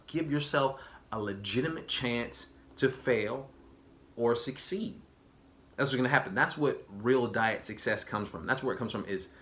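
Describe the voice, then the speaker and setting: A man's voice: mid-range voice, a bit bright. A man talking straight to camera on his own channel in a casual, slangy, emphatic way. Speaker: vlogger. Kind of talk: casual direct-to-camera talk.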